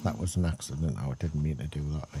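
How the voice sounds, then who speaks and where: A man's voice: a bass voice, quick pace, dark tone, a little hiss or hum. A middle-aged man, chatting casually and rambling as he gives gameplay commentary. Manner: chatty, rambling, self-deprecating. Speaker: gaming channel host.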